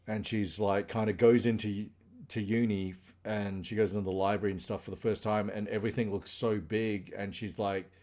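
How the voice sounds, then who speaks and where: A man's voice: on the low side, little pitch movement, moderate pace, darkish tone. Man rambling through a casual plot recap. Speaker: podcast co-host. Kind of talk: casual chat.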